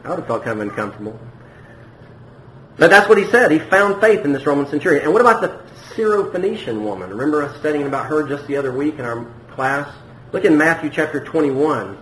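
A man preaching a sermon to his congregation in a conversational way, often repeating himself, climbing to emphatic peaks and dropping low. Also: a bit bright. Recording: echoey room with faint background noise.

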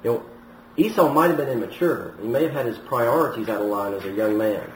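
A man's voice: mid-range voice, fairly quick. A man preaching a sermon, retelling a scripture story in a storytelling manner, with some restarts and a voice that rises on the quoted lines. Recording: roomy, from a distance, faint noise.

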